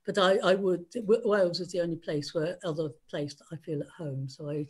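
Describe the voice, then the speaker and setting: A woman's voice: fairly low pitch, steady tone, brisk, breathy edge. English woman hosting a video-call panel. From England. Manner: warm-hearted and laughing easily. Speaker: panel host.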